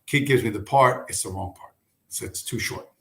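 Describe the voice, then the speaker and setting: A man with a fairly low voice talks casually on a livestream. He rambles through stories and swears freely. His voice carries a roomy echo. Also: moderate pace, fairly bright tone. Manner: rambling, profane, storytelling. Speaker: livestream host.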